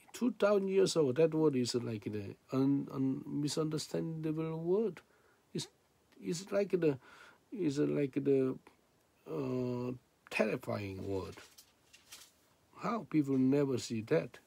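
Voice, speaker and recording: A man's voice: a little high, vocal fry, mellow, breathy edge, dry recording. A man preaching a sermon in non-native English, reading scripture and then explaining it with rhetorical questions.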